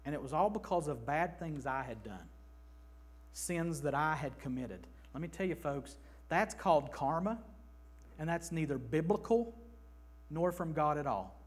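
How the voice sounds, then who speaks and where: A man in his thirties preaching an emphatic, animated sermon in a church, slipping into mock voices. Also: on the high side, unhurried, husky. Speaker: pastor.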